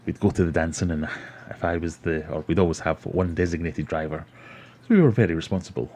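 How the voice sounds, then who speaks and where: Talking fast in a low-pitched, darkish voice, a middle-aged Scottish man hosts a relaxed livestream where he rambles and reads viewer comments. A little hiss or hum is audible.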